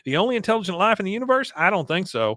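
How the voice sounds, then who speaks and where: A man's voice: high voice, big pitch swings, racing, bright, forceful tone, dry recording, clean studio sound, voice pushed up, full character voice. A man voicing a dreamy, tipsy middle-aged woman who declaims in a lofty way. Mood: grandiose.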